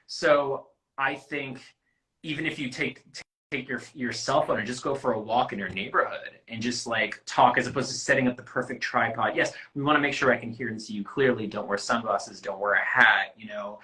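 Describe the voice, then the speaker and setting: A man's voice: medium pitch, normal speed, pushed and bright, rough recording. A man working as a casting producer, giving candid, rambling advice in a casual chat and swearing freely.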